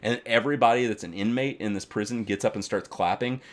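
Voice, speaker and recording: A man chatting casually as a podcast co-host, rambling and animated, swearing freely and filling gaps with "like". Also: fairly low pitch, fast. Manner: rambling, animated, swears often, many fillers. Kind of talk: casual chat.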